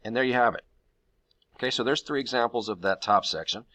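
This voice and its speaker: A man's voice: medium pitch, a little fast, very noisy. A man teaching a Spanish grammar lesson to his class, explaining each step patiently and counting syllables aloud.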